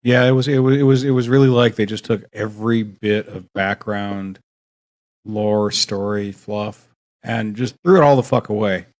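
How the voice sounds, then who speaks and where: Blunt man with a lowish voice. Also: fairly even intonation, moderate pace, darkish tone. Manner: blunt, repetitive, swears casually. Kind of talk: casual podcast chat.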